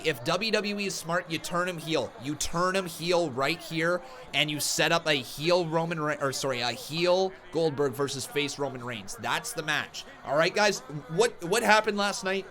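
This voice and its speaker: Brief: fired-up male stream host, slightly high voice, rants and riffs to chat. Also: normal speed. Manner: excitable, ranting, talks straight to chat. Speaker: wrestling live stream host. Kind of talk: live reaction stream commentary.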